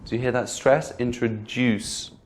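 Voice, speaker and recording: A man teaching English pronunciation, speaking clearly and modeling each word slowly with exaggerated stress. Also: medium pitch, a little hiss or hum. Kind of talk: slow, clear teaching delivery.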